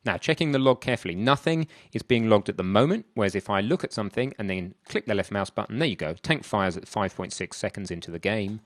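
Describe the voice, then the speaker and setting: Dry, low-voiced man teaching game coding. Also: no room sound. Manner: chatty, thinks aloud while working. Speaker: programming instructor. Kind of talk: screen-recorded coding tutorial.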